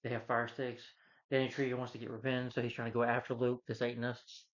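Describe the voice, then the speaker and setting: A man's voice: medium pitch, monotone, fast, dull audio. A man rambling through a casual, profane movie review rant, full of fillers and restarts. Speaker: film reviewer.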